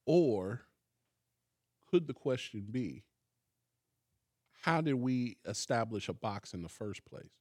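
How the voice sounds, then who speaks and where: A man's voice: medium pitch, lively intonation, slow, long pauses, darkish tone, no echo, clean studio sound. A man, a pastor hosting a casual faith discussion, who repeats key lines for emphasis. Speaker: pastor and podcast host.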